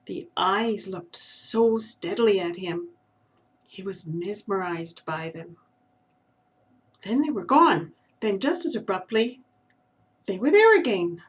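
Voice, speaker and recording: A woman reading a children's story aloud in a gentle, expressive way. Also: mid-range voice, takes it slowly, pauses often.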